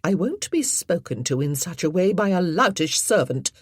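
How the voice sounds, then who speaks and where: A woman's voice: mid-range voice, big pitch swings, darkish tone, slightly rough, no echo, clean studio sound, pitched above the performer's own voice. A woman doing an icy, spiteful grand lady. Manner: icy, superior, drawn-out. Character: cold, spiteful haughty older lady.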